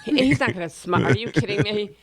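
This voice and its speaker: A woman's voice: medium pitch, very animated, quick pace, creaky, crowd noise. A young woman co-hosting a radio show, trading playful, mocking banter. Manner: playful, mocking, does silly impressions. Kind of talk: casual comedic banter. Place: radio studio.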